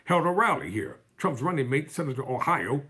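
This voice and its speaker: Live-stream host, male, husky mid-range voice, reads news copy and cuts in with heated, mocking commentary. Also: mid-range voice, big pitch swings, fairly quick, sharp tone. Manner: fiery, sarcastic, mocking. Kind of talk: reading news articles aloud with heated commentary.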